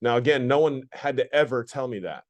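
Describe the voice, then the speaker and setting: Lively intonation and a slightly fast delivery mark this man's medium-pitched voice. He's a math teacher lecturing on geometry in class, restating things again and again, asking the students questions, and keeping his language simple.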